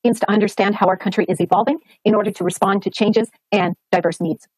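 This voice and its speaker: A woman's voice: mid-range voice, fairly even intonation, a little mellow, slightly rough, no echo, low-quality recording. Formal Canadian woman giving a briefing. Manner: formal, measured delivery, switching between English and French. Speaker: government official at a press briefing. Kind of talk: prepared briefing statement.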